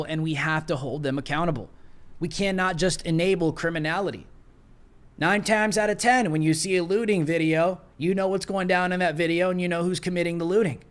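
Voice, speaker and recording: Emphatic, sarcastic male political host. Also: on the high side. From United States. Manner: emphatic, sarcastic, reads news article aloud. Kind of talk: livestream political commentary.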